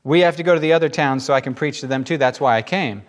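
A man preaching a casual sermon, animated and jokey, often acting out the voices in the scripture he reads. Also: mid-range voice, fast talker. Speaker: pastor.

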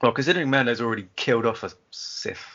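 Gravelly man bantering on a podcast. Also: mid-range voice, quick pace, noisy background. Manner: chatty, laughs often, trails off mid-thought. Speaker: podcast co-host. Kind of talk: casual banter. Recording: dull lo-fi podcast sound.

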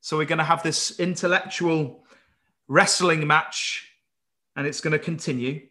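A man's voice: on the high side, steady tone, a little slow, sharp tone. A man preaching an earnest Bible-study sermon, emphatic and stumbling into restarts as he presses his points.

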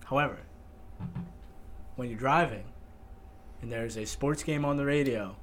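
This young man co-hosts a relaxed podcast and talks in short, punchy list items. He sits a little back from the mic, so he comes across quieter than the host, with faint room noise behind him. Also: mid-range voice, measured pace. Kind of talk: casual podcast chat.

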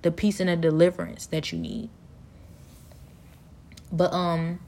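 A woman, talking in a rambling, animated personal monologue, laughing often and sometimes dropping to a near-whisper. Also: lowish voice, a little slow, pauses often, a little hiss or hum.

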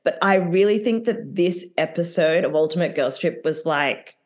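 A woman's voice: fairly low pitch, normal speed. Giggly, chatty woman. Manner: chatty, giggly, full of filler words. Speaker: podcast co-host. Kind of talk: casual chat recapping reality TV.

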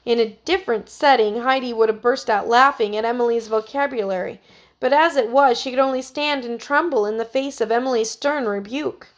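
A woman narrating a children's story with a steady, expressive reading. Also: a little high, fairly quick.

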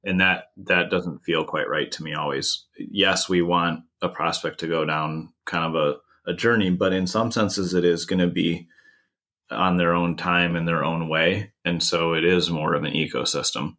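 A man's voice: sits low, fairly even intonation, normal speed, pushed and bright. A man from the United States explaining a marketing idea in a conversational podcast, with many restarts. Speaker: marketing consultant.

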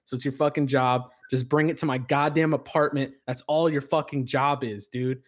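A man's voice: medium pitch, moderate pace. A man co-hosting a podcast, telling stories in casual chat with heavy swearing and lots of energy. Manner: animated storyteller, heavy swearing. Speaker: podcast co-host.

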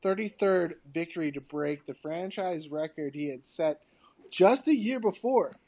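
A man's voice: on the high side, lively intonation, measured pace, a little mellow. A man co-hosting a podcast in casual chat, presenting trivia with a playful buildup. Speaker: podcast co-host.

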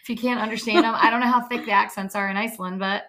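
A woman co-hosting a podcast in casual chat, laughing often, swearing freely and reacting quickly. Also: a little high, fairly even intonation, fairly bright tone. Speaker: podcast co-host.

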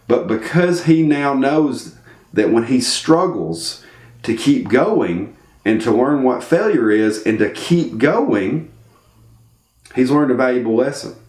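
A man telling a story in casual talk and acting out the voices in it. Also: mid-range voice. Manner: animated, acts out the voices in his story. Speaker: storyteller giving life advice. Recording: echoey room.

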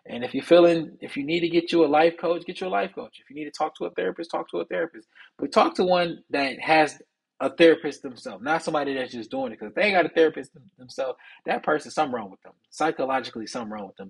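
A young man hosting a solo podcast, talking casually and preachily about men's mental health in streetwise slang, with a husky voice. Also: fairly high pitch, low-quality recording. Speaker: podcast host.

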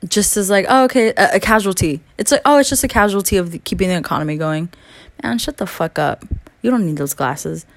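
A woman's voice: mid-range voice, expressive, a little fast, no room sound. A young woman in a late-night rant, angry and profane, with heavy emphasis on her words. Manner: mocking whiny voice when imitating others. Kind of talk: late-night ranting monologue.

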